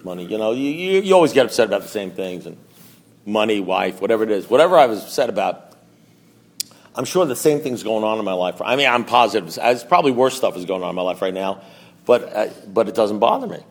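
Speaking quickly in a low, expressive voice, a middle-aged man at a recovery meeting shares a self-deprecating story. He rambles, starts over, and turns to the audience with asides.

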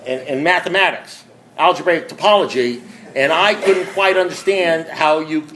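A man's voice: a little high, moderate pace, noisy background. A man speaking at a recovery meeting, telling his story with wry, self-mocking humor and emphatic, repeated build-ups. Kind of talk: storytelling talk.

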